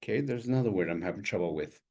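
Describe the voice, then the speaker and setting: An older man teaching a language class over a video call, saying each word slowly several times and spelling it out letter by letter. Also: low voice, expressive, gravelly, darkish tone. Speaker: language instructor. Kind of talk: online language lesson.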